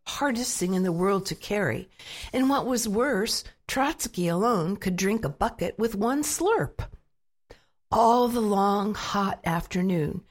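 A woman reading a children's storybook aloud in an expressive, playful way with dramatic pauses. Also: mid-range voice.

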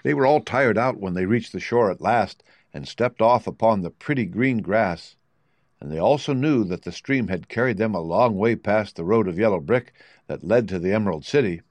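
A man calmly narrating a storybook aloud. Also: on the low side, moderate pace, no echo.

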